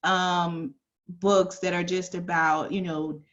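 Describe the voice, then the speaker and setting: A woman's voice: lowish voice, level tone, slow pace, fairly bright tone. A woman interviewing an author, speaking frankly and conversationally, laughing easily. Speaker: interviewer, host. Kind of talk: casual interview chat. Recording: dull lo-fi sound.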